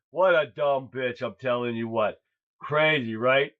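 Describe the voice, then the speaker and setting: A man's voice: medium pitch, unhurried, fairly bright tone. A man hosting a political livestream, talking in a blunt, crude, rambling way. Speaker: host. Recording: dull lo-fi sound.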